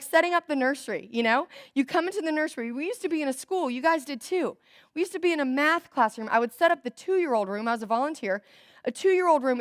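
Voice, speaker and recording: A young adult woman giving a chatty, animated storytelling talk to church volunteers, acting out bits of dialogue. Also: sits high, no echo, studio quality. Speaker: guest speaker at a church volunteer event. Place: church hall.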